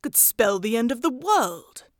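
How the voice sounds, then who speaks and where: A woman voicing an earnest, excitable Victorian male doctor who asks eager, exclaiming questions. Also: on the high side, unhurried, no room sound, clean studio sound, pitched above the performer's own voice. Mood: astonished. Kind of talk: audiobook character voice.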